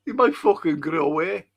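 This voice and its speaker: A man's voice: on the high side, gravelly, muffled recording. A man hosting a live football watch-along stream, reading out chat messages and ranting bluntly with heavy swearing.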